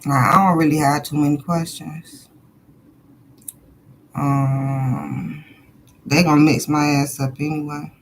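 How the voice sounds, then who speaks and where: This tarot reader's live-stream chat is delivered in a low, steady voice, slowly and with frequent pauses. The woman swears plenty, talks bluntly to viewers, and laughs a lot between questions, all on a low-quality recording carrying a little hiss or hum.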